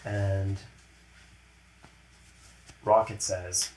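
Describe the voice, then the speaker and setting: A man's voice: deep voice, flat delivery, extremely slow. A man narrating a tabletop game as game master in a chatty way, laughing often and slipping into character voices. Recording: roomy echo.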